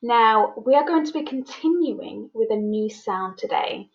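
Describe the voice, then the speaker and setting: This phonics lesson comes from a primary school teacher whose voice is a little high, expressive and gravelly. In a slow, sing-song manner, she coaxes the children to say sounds along with her, and the sound quality is lo-fi.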